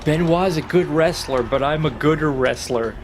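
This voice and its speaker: A man streaming a wrestling video game, reacting loudly and swearing as he plays. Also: fairly high pitch, moderate pace, slight background noise. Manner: excitable, swearing, trash-talking the game. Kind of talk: profane live gameplay commentary.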